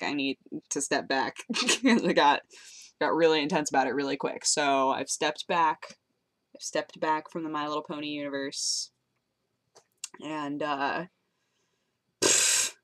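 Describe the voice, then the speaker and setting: A woman's voice: low voice, fairly bright tone. Chatty young woman rambling to a webcam. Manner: chatty, rambling, self-mocking, with many fillers and laughs. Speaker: vlogger. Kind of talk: casual webcam vlog chat. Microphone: webcam mic.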